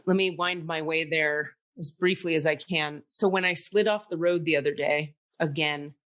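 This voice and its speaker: A woman podcast host telling a long story in casual chat, animated and profane, acting out the people she quotes. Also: low-pitched, moderate pace.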